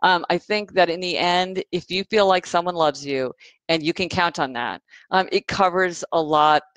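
A woman author answering questions in a casual interview over a video call, telling stories in a chatty, animated way with lots of fillers. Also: fairly low pitch, normal speed, clear, resonant tone, no echo, poor audio. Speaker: author guest.

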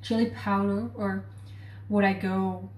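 Woman, home-cooking vlogger, unhurried chatty delivery, roomy kitchen sound. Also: mid-range voice, little pitch movement, darkish tone. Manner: chatty, thinks aloud while tasting. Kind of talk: casual cooking vlog chat.

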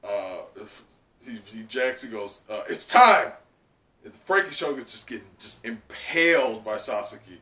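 Young male reaction host, excitable, bright and lively, roomy off-mic sound. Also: fairly low pitch, moderate pace, distant mic. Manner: excitable, many fillers and laughs. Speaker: manga reaction channel host. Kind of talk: live reaction and recap.

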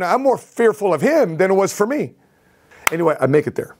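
A man with a somewhat high voice tells his own story straight to camera. He speaks in an animated, repetitive way, circling back to the same phrases as he goes. It is a casual storytelling vlog. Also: fairly quick. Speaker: entrepreneur vlogger.

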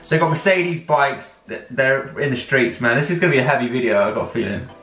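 A man's voice: mid-range voice, fairly quick, fairly bright tone, faint music behind. A young man hosting a reaction video, talking in a rambling, slangy, upbeat way. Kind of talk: casual reaction vlog chat. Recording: roomy, distant mic.

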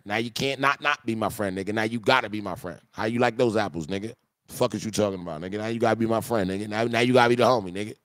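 A man hosting a live music review stream, joking with his chat in loose, profane banter, breaking into loud mock voices. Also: mid-range voice, no echo, studio quality.

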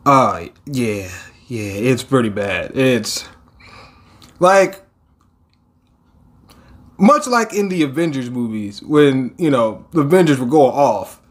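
A man's voice: medium pitch, sing-song, takes it slowly, long pauses. A man hosting a casual manga reaction, reading panels aloud and reacting with laughs and swearing.

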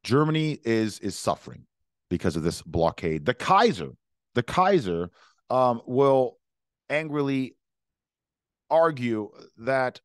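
A man's voice: mid-range voice, no room sound, clean studio sound. A young man giving an emphatic history lecture, repeating words and speaking for both sides in first person. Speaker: history teacher.

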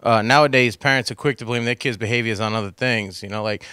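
A man's voice: mid-range voice, quick pace, hardly any pauses, bright, forceful tone, clear, resonant tone, no room sound, studio quality. A man doing a stand-up comedy routine on a cable access stage, talking into a handheld mic with rambling, self-deprecating asides to the crowd. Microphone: handheld microphone.

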